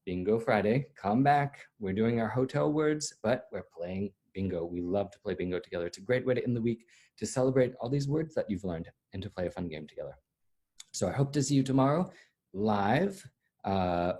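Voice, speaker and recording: A man's voice: medium pitch, warm tone. A middle-aged man teaching a French lesson, spelling words out letter by letter and mixing French with English in a patient way. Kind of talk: slow spelled-out language lesson.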